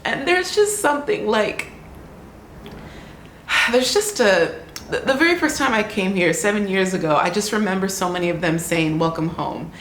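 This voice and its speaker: A woman telling a casual travel diary story, animated and often laughing, restarting her sentences. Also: mid-range voice, moderate pace, a little hiss or hum. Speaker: travel vlogger. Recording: roomy echo with faint ambience.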